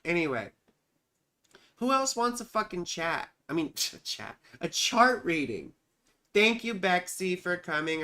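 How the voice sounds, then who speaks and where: A woman's voice: low voice, very animated, unhurried, long pauses, fairly bright tone. A woman astrologer hosting a live chart-reading stream, talking in a rambling, profane, self-mocking way. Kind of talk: casual livestream chat.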